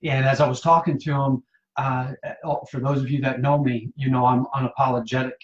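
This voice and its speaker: Man from Michigan, pastor, halting storytelling, even flat tone, echoey dull live-stream sound. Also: medium pitch. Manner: casual, halting storytelling with many fillers and restarts. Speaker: pastor and Marine veteran. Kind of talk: live-streamed personal testimony. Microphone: phone or webcam for a live stream.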